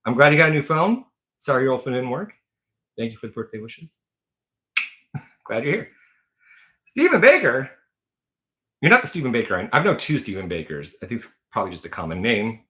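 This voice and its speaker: A man's voice: medium pitch, sing-song, a little fast, pauses often, sharp tone. A man hosting a casual livestream, telling rambling stories full of fillers and self-corrections. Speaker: livestream host.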